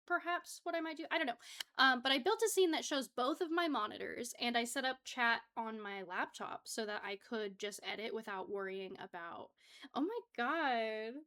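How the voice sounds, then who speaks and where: Young woman streamer, high voice, bubbly and giggly, casual and easily flustered, home desk mic. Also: normal speed, a bit bright. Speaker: livestream host. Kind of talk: casual livestream chat.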